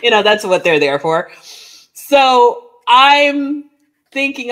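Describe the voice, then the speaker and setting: A woman co-hosting a podcast, telling a lively personal story in casual chat and acting out the dialogue as she goes. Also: fairly high pitch, slow. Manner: animated storyteller, acts out dialogue, frequent "like" and "oh my gosh". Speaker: podcast co-host.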